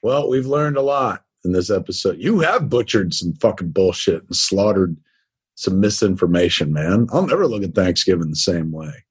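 A man's voice: low-pitched, expressive, moderate pace, breathy edge. A man co-hosting a casual podcast, laid-back and joking with lots of swearing. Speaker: podcast co-host.

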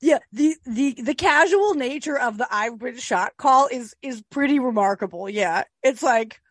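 A higher-voiced woman talks fast and animatedly in a casual podcast chat, full of fillers and restarts, with an occasional curse. She is recorded close on a dry mic with no room sound. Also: lively intonation, no echo. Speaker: podcast co-host. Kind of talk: casual true-crime chat.

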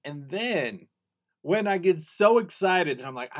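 A young man hosting his own podcast, talking in an earnest, excitable monologue that rambles and restarts. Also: high-pitched, measured pace. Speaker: podcast host.

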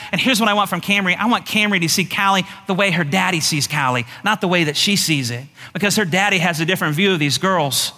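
A middle-aged male pastor preaching a sermon in an animated, folksy way, laughing often. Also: high-pitched, quick pace, few pauses, big-room sound.

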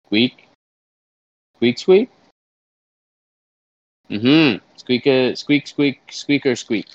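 A man voicing a haughty, menacing squirrel prince who speaks only in chattering squeaks, in a comedy sketch. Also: muffled recording. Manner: chattering squeaks in quick bursts.

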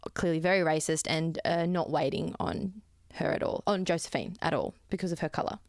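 A woman's voice: low-pitched, brisk, gravelly, dry recording, studio quality. A young woman chatting as a podcast co-host, telling a history story with playful asides. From Australia. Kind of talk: casual chat.

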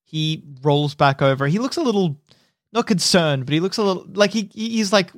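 A man narrating as game master in a relaxed, descriptive way with halting restarts. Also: high voice, no room sound, studio quality.

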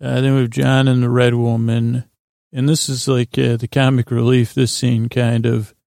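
A man with a heavily creaky, gravelly voice retells an episode in a rambling, unhurried way. His delivery stays flat and even, and he trails off into fillers as he goes. The sound is close and dry, with no room around it. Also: medium pitch, no echo. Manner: meandering, loose retelling with many fillers. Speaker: podcast host. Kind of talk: rambling bedtime episode recap.

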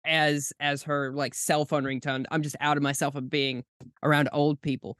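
A man's voice: a little high, level tone, normal speed, a bit bright, dry recording. A young man hosting a podcast, asking questions in a playful, chatty way and giggling often. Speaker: podcast host. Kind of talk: casual chat.

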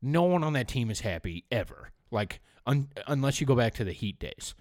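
A man co-hosting a podcast in casual sports chat, dropping to low mumbles and then rising into excited outbursts. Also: normal speed, no echo, studio quality. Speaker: podcast co-host.

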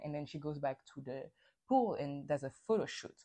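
A woman's voice: deep voice, expressive, moderate pace, dark tone. A woman hosting a podcast, recapping reality TV in a casual, opinionated way, swearing freely and acting out quotes. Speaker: podcast host.

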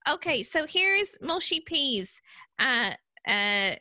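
An Irish woman hosting a podcast, chatting casually and telling stories with an animated, giggly manner. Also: high-pitched, slow, dry recording. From Ireland. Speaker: podcast host.

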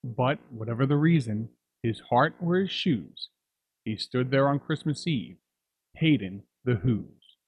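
Man, host, storybook reader, husky voice, slow and dramatic. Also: medium pitch, expressive, a little mellow, no room sound, low-quality recording. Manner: dramatic, drawing out repeated words. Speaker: narrator and show host. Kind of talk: storybook reading of rhyming verse.

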